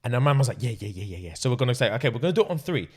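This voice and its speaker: A man, hosting a podcast and telling an animated story, laughing often and acting out what others said. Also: medium pitch, racing, breathy edge. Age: 20s. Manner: excitable, laughing often, acts out quotes. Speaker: podcast host.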